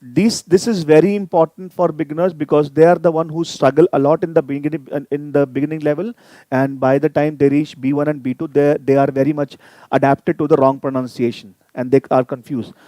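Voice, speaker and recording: A man teaching German in a live online lesson, repeating each sound slowly so viewers can copy it and inviting them to type in questions. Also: on the high side, fairly even intonation, warm tone, dry recording. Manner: addresses viewers directly, inviting typed questions.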